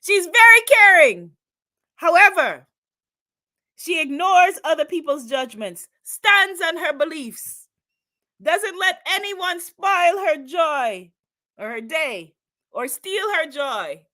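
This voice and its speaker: A woman's voice: extremely high pitch, big pitch swings, slow pace, pushed and bright, pitched above the performer's own voice, heavily acted. A woman reading a comment aloud in a put-on, exaggerated Guyanese accent. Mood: emphatic. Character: caring middle-aged woman reading a comment.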